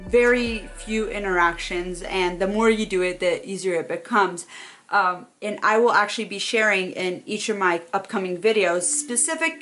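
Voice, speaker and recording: A young woman talking to her phone camera in a casual, animated advice vlog, acting out quoted voices now and then. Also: medium pitch. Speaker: vlogger.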